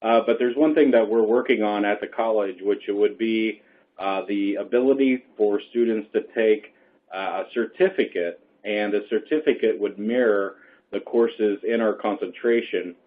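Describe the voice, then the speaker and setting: A man speaking as a professor in a webinar, reassuring and explaining step by step, with a hoarse voice that is going. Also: on the low side, fairly even intonation, normal speed. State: losing his voice. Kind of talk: webinar answer. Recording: phone-like line.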